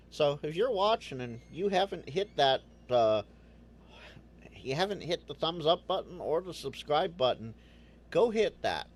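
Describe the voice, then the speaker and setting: A man hosting a casual livestream, chatting to viewers, rambling and stammering, often repeating words as he restarts. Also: on the high side. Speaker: livestream host.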